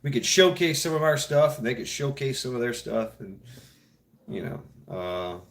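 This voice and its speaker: A man's voice: mid-range voice, lively intonation, moderate pace. Male host, loose profane rambling chat, laughs at his own jokes. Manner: mimics others in mock voices. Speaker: show host. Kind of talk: casual chat.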